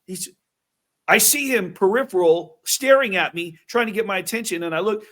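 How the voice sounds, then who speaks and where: A man hosting an interview, telling stories in an animated way with quick asides. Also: high-pitched. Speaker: host. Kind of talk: casual interview chat.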